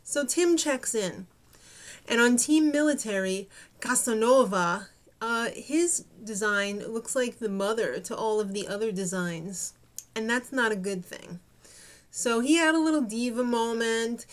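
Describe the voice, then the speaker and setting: A young woman recapping a reality competition show in a casual, gossipy way, tossing out snarky asides. Her voice sits a little high for a woman. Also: a little slow.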